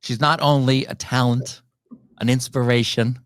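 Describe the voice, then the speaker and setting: A man's voice: medium pitch, fairly even intonation, moderate pace, clean tone, dry recording, clean studio sound. An English man hosting a casual interview, effusive and gushing with praise for his guest. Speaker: podcast host.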